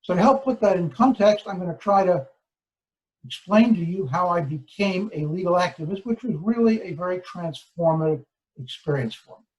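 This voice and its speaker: An older man, a law professor, giving a formal lecture, with deliberate pacing and stressed key words. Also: sits high, animated, a little mellow, lo-fi sound. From United States.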